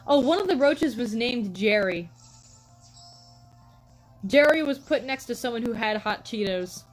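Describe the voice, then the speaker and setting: A young woman chats casually on a live stream, greeting viewers and telling rambling stories packed with "like" and "um." Her fairly high voice is animated but her pace stays measured. Faint music plays behind her, and the recording is rough.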